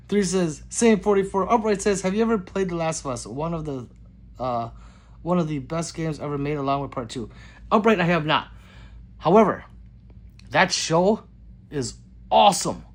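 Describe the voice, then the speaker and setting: A man hosting his own gun channel livestream, reading viewer comments aloud and joking back in a loose, casual way. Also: on the high side. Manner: loose, joking, swings between loud greetings and mutters. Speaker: gun channel host reading live chat.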